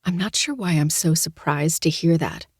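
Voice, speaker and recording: A woman reading a first-person romance audiobook in a soft, intimate, breathy way. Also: low voice, normal speed, no echo, studio quality. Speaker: audiobook narrator.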